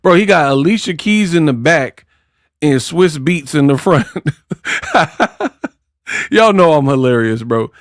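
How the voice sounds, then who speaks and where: A man's voice: a little high, animated, normal speed, no echo, clean studio sound. A man hosting casual boxing commentary, trash-talking and joking. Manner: trash-talking, joking, breaks into song and mock accents.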